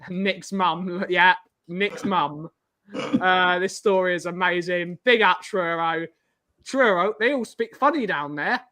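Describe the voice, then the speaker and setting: A man's voice: high-pitched, slow pace, pushed and bright. A man from Somerset co-hosting a podcast, bantering and reading out viewer comments. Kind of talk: casual chat.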